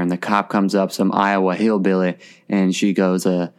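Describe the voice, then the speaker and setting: A man's voice: sits low, level tone, normal speed, clear, resonant tone. A man telling a rambling comic story in a casual chat, full of "like" and "um". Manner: laid-back, rambling with frequent "like" and "um".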